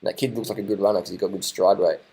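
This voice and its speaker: Brief: lower-voiced guy, loose off-the-cuff video commentary, excitable and repetitive, casual swearing. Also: rapid-fire, breathy edge, low-quality recording. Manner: excitable, rambling, swears casually, repeats himself. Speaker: vlogger commenting on race footage.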